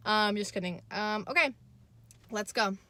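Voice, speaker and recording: A young woman chatting casually to the camera in her car, self-mocking and chatty, her voice jumping higher when she gets excited. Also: a little slow, no room sound. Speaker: vlogger. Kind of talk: casual vlog chat.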